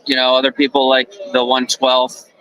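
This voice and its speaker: A man's voice: mid-range voice, completely flat delivery, moderate pace, pushed and bright, low-quality recording. A man co-hosting a casual live stream, easygoing and a little hesitant, often restarting his sentences.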